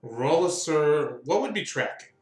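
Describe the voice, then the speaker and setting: A man running a tabletop game as game master, describing scenes at an unhurried pace with fillers. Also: on the high side, expressive, a little mellow, roomy sound, faint music behind.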